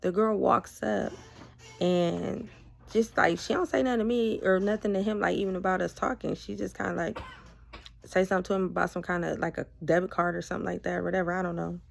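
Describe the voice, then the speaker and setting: Fairly quick and fairly low in pitch, with vocal fry, this woman vlogger recounts a personal story in a relaxed, rambling way packed with asides. She acts out both parties of an old argument with plenty of animation.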